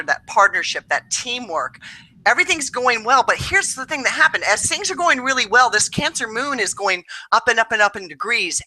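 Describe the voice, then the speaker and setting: A woman's voice: medium pitch, pushed and bright, low-quality recording. A woman co-hosting a casual astrology show, reading tarot cards in a chatty, upbeat way with lots of fillers. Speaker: tarot reader co-host.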